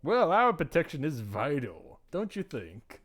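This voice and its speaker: A man's voice: on the high side, huge pitch swings, unhurried, a bit bright, exaggerated voice. A charming, vain swordsman mentor, as a man acts him out, teasing and flirtatious. The delivery swings up and down with play.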